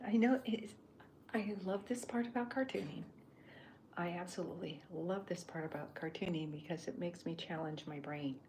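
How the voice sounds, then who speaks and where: Soft-spoken older woman, gravelly whisper. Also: on the low side, slight background noise. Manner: halting, thinks aloud while drawing. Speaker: artist. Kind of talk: whispered role-play.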